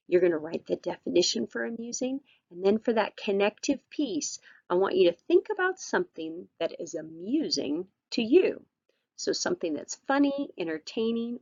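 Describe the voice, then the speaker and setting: A woman's voice: fairly low pitch, no echo, lo-fi sound. A woman teacher giving a recorded vocabulary lesson, patient and encouraging, with frequent ums and all-rights.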